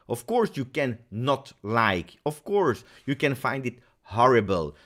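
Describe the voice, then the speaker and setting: A man with as his hosting a casual pregame football talk, emphatic and angry, repeating phrases for stress. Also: medium pitch. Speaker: football channel host.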